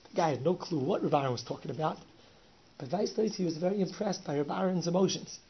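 A male storyteller with a somewhat high voice, animated and quick to laugh as he builds the tale, dropping in Yiddish words. The recording is dull and lo-fi with a faint hiss underneath. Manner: lively, laughs at his own story, sprinkles in Yiddish words.

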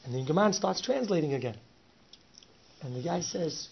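A man telling a story with lively energy, often laughing and slipping in Yiddish words. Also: a little high, moderate pace, gravelly, breathy edge. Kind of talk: animated oral storytelling. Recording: dull lo-fi recording with faint hiss.

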